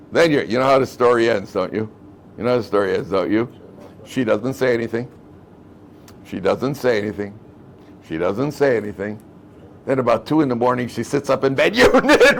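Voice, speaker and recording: Speaking in a mid-range voice, a rabbi teaches Torah to a live class in a conversational way. He repeats phrases and performs the quoted speech in his stories.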